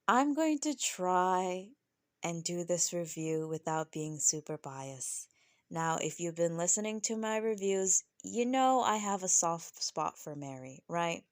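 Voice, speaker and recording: A woman reviewing a reality show in casual, opinionated talk, animated and often tagging "right?" onto her points. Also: takes it slowly, dry recording, studio quality. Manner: animated, keeps asking "right?"; laughs often, mimics people in high voices.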